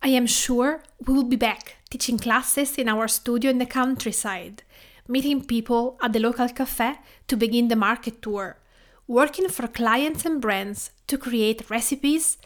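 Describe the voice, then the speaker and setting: A woman's voice: on the high side, measured pace. Italian-accented woman hosting a cooking podcast. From Tuscany, Italy. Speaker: podcast host. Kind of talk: scripted podcast narration.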